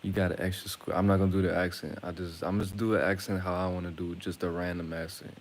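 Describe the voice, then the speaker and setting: A man's voice: sits low, little pitch movement, quick pace, slight background noise. A man from Atlanta casually telling rambling, joking, crude stories to his viewers. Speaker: streamer.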